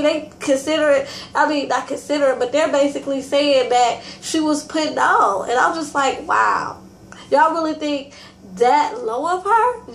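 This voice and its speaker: A woman with a high voice gives a loose, chatty recap of a reality show, full of fillers and restarts. She talks straight to her viewers as y'all. The sound is roomy and echoey, with a faint hum of background noise. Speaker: TV review host. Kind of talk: casual recap and commentary.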